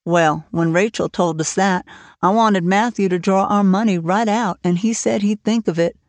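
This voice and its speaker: A woman's voice: mid-range voice, normal speed, dry recording, close to an everyday voice. A woman reading as blunt, worried old farm woman Marilla. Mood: brisk.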